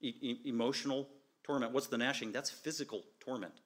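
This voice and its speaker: A man's voice: mid-range voice, fairly quick. A man preaching a sermon as pastor, driving home his points with repeated short, emphatic declarations.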